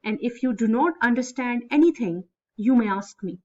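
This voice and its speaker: A woman's voice: on the high side, lively intonation, normal speed, mellow, highs cut off. A woman teaching English literature to students in a recorded lecture, addressing them directly and stressing syllables aloud. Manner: addresses students directly, repeats key points.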